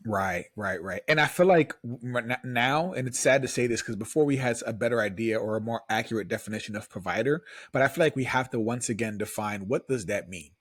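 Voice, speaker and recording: A man's voice: medium pitch, brisk, breathy edge, dry recording. A man co-hosting a podcast, arguing emphatically with repeated rhetorical questions in casual talk. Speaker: podcast co-host.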